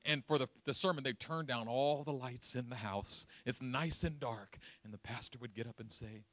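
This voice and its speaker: A man's voice: medium pitch, normal speed, dry recording. A man preaching a sermon as a pastor, telling stories with humor and laughing along the way. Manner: humorous, animated storytelling with laughs.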